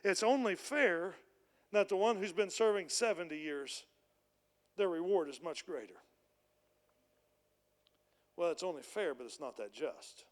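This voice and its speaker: A man's voice: sits high, expressive, unhurried, pauses often, long reverb tail. A man preaching a sermon as a pastor, retelling a parable in plain, conversational storytelling. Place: church.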